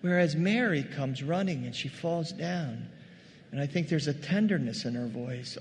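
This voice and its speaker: A man preaching a sermon, animated, acting out quoted voices and rising to loud bursts. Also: on the high side, normal speed, big-room sound, a little hiss or hum. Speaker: pastor.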